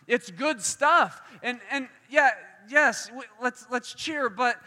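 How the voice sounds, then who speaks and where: A man's voice: extremely high pitch, slow pace, hardly any pauses. A man preaching a sermon, telling a story and acting out the voices in it. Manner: animated, acts out voices in stories. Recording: long hall reverb.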